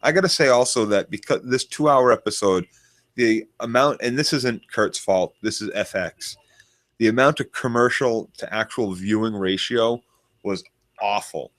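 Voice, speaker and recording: A man's voice: lowish voice, normal speed, fairly bright tone. A man co-hosting a casual TV review chat, joking and rambling. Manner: joking, rambling, laughs easily. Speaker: podcast co-host.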